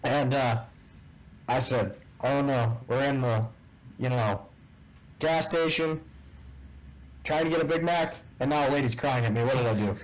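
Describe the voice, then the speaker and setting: A man as a guest in a casual interview, telling a story and acting out the dialogue with lively shifts in voice. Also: mid-range voice, measured pace, long pauses, rough recording. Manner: animated storyteller who acts out quoted dialogue. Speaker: guest, tournament bass angler.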